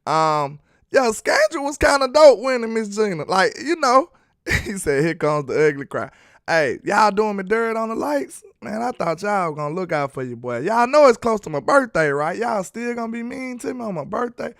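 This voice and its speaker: A man's voice: high-pitched, big pitch swings, moderate pace, creaky, a bit bright, no room sound, studio quality. A man casually breaking down football film on a live stream, chatty and laughing as he teases his viewers. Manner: chatty, laughing, teasing the chat. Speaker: sports film-study streamer.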